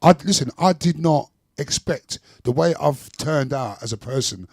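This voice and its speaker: A middle-aged man talks earnestly as an interview guest, circling back to the same phrases. His voice is gravelly and husky at a middling pitch. The sound is dry and close. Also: expressive, normal speed, dry recording. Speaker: guest DJ and entrepreneur. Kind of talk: casual interview chat.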